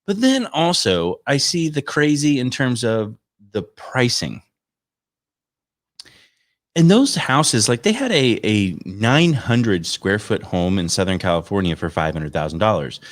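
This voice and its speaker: Rambling deep-voiced man chatting. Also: sing-song, a little slow. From Florida. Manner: rambling, chatty, self-mocking. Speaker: stand-up comedian. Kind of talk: casual chat to viewers. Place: home studio.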